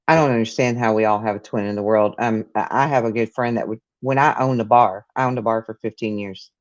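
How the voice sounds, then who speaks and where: A woman's voice: rumbling low, quick pace. A woman hosting a casual live chat, telling rambling stories with frequent restarts and laughs. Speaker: podcast host. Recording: muffled lo-fi audio.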